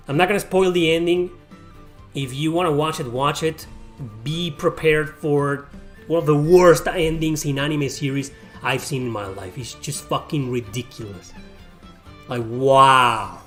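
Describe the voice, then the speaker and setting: A man hosting his own channel, ranting heatedly and profanely to camera, often repeating himself. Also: fairly high pitch. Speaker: YouTube host.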